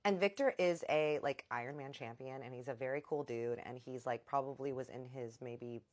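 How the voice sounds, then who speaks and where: A woman telling a dramatic personal story in a casual vlog, animated and talking straight to her viewers. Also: a bass voice, normal speed.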